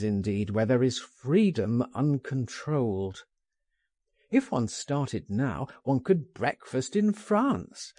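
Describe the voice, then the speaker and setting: Male audiobook narrator, slow, lively pitch, dark husky voice, dry close recording. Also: no room sound. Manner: expressive, dramatic reading. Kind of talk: audiobook memoir reading.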